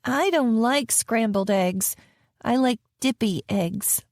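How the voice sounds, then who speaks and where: A woman's voice: on the high side, slow, darkish tone, dry recording, studio quality. A woman voicing a whiny eight-year-old girl. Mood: disgusted. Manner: sulky and whiny.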